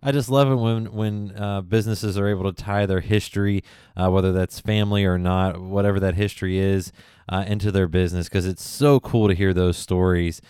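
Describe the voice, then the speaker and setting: A man with a low, smooth voice hosts a podcast and introduces clips with easy enthusiasm. The sound is dry and close, with no room around it. He talks casually and fills pauses with "uh". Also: fairly even intonation, mellow, dry recording. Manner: enthusiastic, chatty with many fillers. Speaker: podcast host. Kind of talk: casual recap narration.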